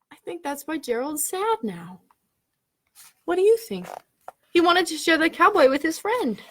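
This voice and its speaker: A woman, a children's librarian, reading a picture book aloud at story time, animated and gasping as she asks the children questions. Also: extremely high pitch, slow pace, long pauses.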